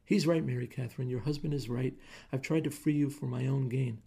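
Man doing an earnest lovestruck lawyer, heartfelt, dark, gravelly, audiobook. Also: medium pitch, steady tone, brisk. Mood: earnest confession. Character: earnest middle-aged man, shy lawyer confessing love. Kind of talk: audiobook character voice.

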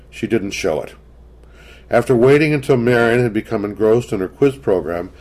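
Man narrating a story, lively pitch. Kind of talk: scripted narration.

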